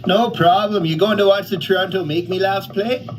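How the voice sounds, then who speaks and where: Man playing a teasing voice assistant, highish voice, noisy background. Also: moderate pace, close to an everyday voice. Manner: teasing, deadpan. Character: cheeky Canadian phone voice assistant, male.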